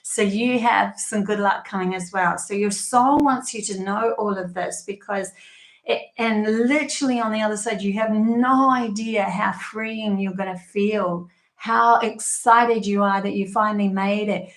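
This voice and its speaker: A woman's voice: medium pitch, steady tone, unhurried, reverberant. A woman giving a live-streamed tarot reading, chatty and emotional, laughing often between many fillers. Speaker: tarot reader and channeler.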